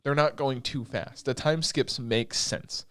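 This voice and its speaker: A young man on a podcast, chatting casually as he recaps an anime. He rambles and gets excitable, swears freely and leans on filler words. His voice sits at an ordinary pitch, and the recording is dry and close. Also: measured pace, clean tone, no echo. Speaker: podcast co-host.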